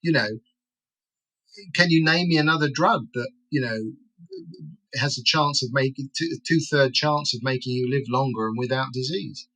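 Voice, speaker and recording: A man's voice: medium pitch, normal speed, pushed and bright, poor audio. A man being interviewed as an expert guest, explaining in a lecturing way and tagging his points with "right?" and "okay?".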